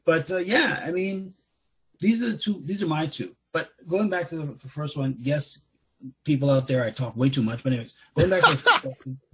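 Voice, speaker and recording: A man talking as a podcast guest in casual chat, rambling and animated, often laughing and restarting his sentences. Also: a little high, brisk, slight background noise, rough recording.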